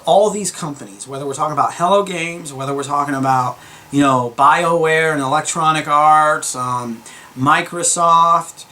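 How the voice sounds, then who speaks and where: A young man hosting his gaming channel, giving a calm, earnest opinion monologue with many fillers and restarts. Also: a little high. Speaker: gaming YouTuber.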